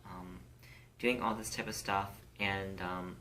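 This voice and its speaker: A woman's voice: rumbling low, steady tone, slow pace, a bit bright, slight background noise. A woman co-hosting a casual podcast chat, candid and outspoken, swearing freely as she speaks with conviction. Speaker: podcast co-host.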